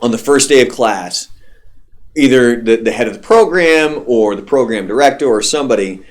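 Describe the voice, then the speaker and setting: A man's voice: mid-range voice, lively intonation, moderate pace. A young adult man, a radio host, telling stories in casual, profane chat. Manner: loose, profane storytelling.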